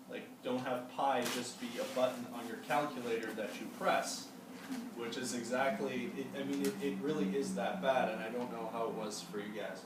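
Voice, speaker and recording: A young man leading a small study group, talking loosely and casually with many fillers and restarts. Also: mid-range voice. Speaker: discussion leader presenting to a study group. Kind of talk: casual classroom presentation. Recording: echoey room, distant mic, background noise.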